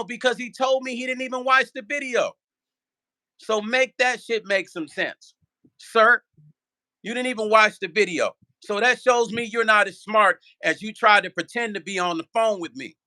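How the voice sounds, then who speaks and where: A man's voice: very high-pitched, normal speed, bright, forceful tone. A man vlogging in a heated, profane rant, repeating himself and firing rhetorical questions. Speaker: musician.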